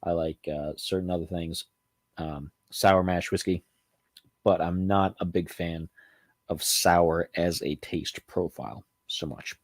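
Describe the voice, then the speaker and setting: A man with a low, fairly even voice reviews cognac at an unhurried pace on his casual home vlog about spirits, recorded without echo. He rambles loosely, with frequent ums, restarts and self-corrections.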